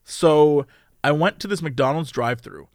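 A man co-hosting a podcast, telling stories in an animated way and laughing often as he chats casually. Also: a little high, a little slow, dry recording, clean studio sound. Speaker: podcast co-host. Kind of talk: casual chat. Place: lives in a live-work office complex in a city.

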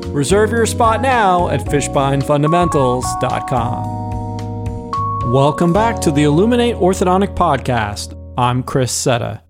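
A man's voice: fairly high pitch, sing-song, measured pace, over music. A man hosting a podcast, asking questions and reading sponsor messages. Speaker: podcast host.

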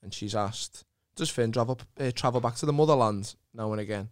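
A man's voice: medium pitch, brisk. A man co-hosting a podcast, making joking asides and reading out listener questions. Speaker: podcast co-host. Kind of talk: casual chat.

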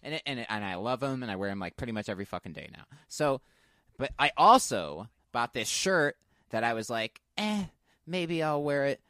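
Profane man ranting with lively pitch. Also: a little fast, no room sound, studio quality. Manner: profane, animated, bursts into high laughter. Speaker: podcast co-host. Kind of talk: casual chat, storytelling rant.

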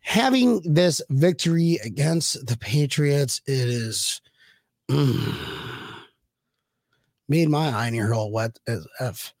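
A man co-hosting a sports fan podcast, rambling and hyped, with loud bursts of laughter and yelling. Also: medium pitch, animated, slow pace, gravelly, dry recording, studio quality. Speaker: podcast co-host. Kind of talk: excited sports fan chat.

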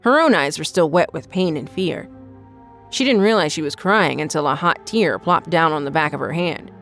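A woman narrating a scripted horror story in a measured, even storytelling voice. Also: deep voice, faint music behind.

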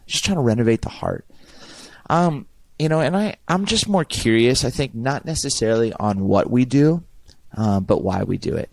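A man's voice: mid-range voice, expressive, normal speed, gravelly, no room sound. A middle-aged man, a pastor, talking earnestly and reflectively in a podcast conversation, often repeating words as he thinks.

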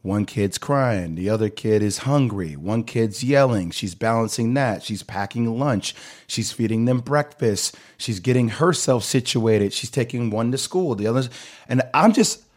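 A man's voice: medium pitch, expressive, a little slow. A man hosting an interview, asking personal questions in an open, enthusiastic, candid way. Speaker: host. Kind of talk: casual interview chat.

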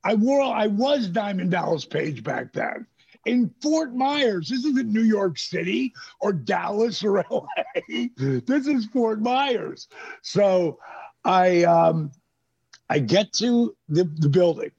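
Animated middle-aged guy telling stories, bit high and husky, sounds kinda muffled. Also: takes it slowly. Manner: animated, profane storyteller who acts out quotes. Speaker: guest. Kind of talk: casual storytelling. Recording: dull lo-fi podcast audio.

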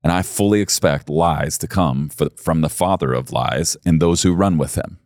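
A man's voice: rumbling low, moderate pace, darkish tone, dry recording, clean studio sound. A middle-aged male pastor preaching a sermon in an earnest, intimate way that swells to emphatic peaks.

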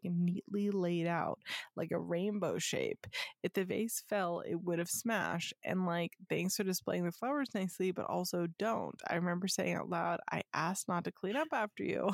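A woman's voice: fairly low pitch, normal speed, gravelly, dry recording, studio quality. A woman co-hosting a podcast, reading listener ghost stories aloud and cracking jokes, laughing often and swearing casually. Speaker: podcast co-host.

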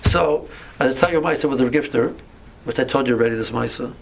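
Gravelly man teaching a casual class. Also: mid-range voice, a little hiss or hum, low-quality recording. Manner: conversational, halting, many restarts and asides. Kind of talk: informal Torah class.

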